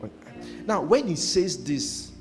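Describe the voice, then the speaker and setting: A male pastor with a high voice preaches in call-and-response. He repeats lines and leaves blanks for the congregation to fill. Faint music plays behind him. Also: very animated, measured pace. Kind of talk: sermon.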